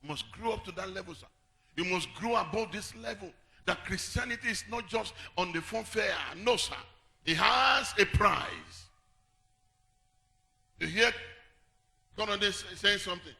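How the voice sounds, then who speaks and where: A man preaching a sermon as pastor, singing some phrases and shouting others, then dropping low to tell stories. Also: brisk.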